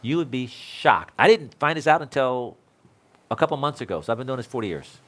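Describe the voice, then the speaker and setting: A man's voice: medium pitch, animated, fairly quick. A man in his sixties, an electrical code instructor, talking casually with fellow instructors in a rambling, self-deprecating way and laughing often.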